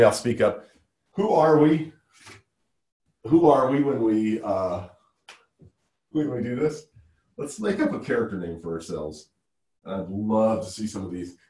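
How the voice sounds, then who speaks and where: Man, workshop leader, husky, energetic, questioning, coaxing. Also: lowish voice, normal speed. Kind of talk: interactive workshop teaching.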